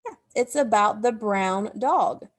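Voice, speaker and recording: A woman's voice: medium pitch, animated, takes it slowly. A woman teacher giving a recorded grammar lesson to young children, explaining step by step in a patient way. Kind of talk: recorded remote phonics lesson.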